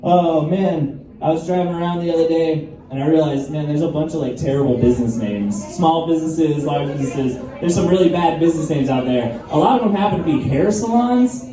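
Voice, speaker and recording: A man's voice: a little high, a little fast, few pauses, mellow. A man doing a stand-up comedy set, telling crude stories in a laid-back, profane way. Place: live comedy venue with audience. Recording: echoey room, mic heard from far, crowd noise.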